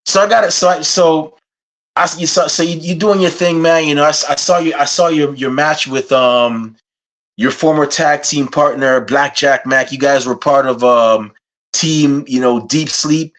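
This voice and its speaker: A man from Guyana hosting an interview podcast, chatting casually and getting animated as he jokes around. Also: fairly high pitch. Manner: animated, laughing while putting on a playful accent. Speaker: podcast host.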